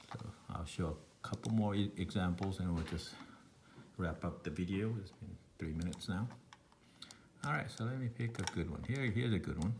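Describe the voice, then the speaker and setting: A man's voice: low voice, noisy background. A man from Laos with a thick Lao accent, a math teacher thinking aloud through a recorded online lesson with meandering, self-deprecating asides.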